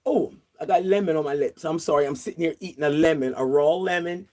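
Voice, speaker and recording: Woman, 60s, livestream host; casual chatter outdoors, quick to laugh, greets viewers. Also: low-pitched, dark tone.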